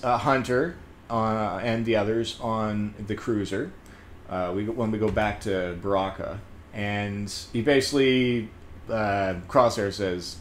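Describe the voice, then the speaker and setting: Man, casual reviewer, rambles and laughs, echoey room, faint hum behind. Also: medium pitch. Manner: rambling, excitable, laughs often, many fillers. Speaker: comedian reviewing a TV episode.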